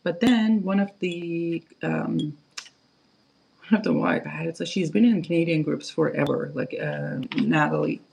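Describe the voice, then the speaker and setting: A woman's voice: low-pitched, unhurried, vocal fry, darkish tone, a little hiss or hum, poor audio. A woman hosting a casual perfume livestream, rambling and chatty with lots of fillers and restarts. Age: adult, parent of kids.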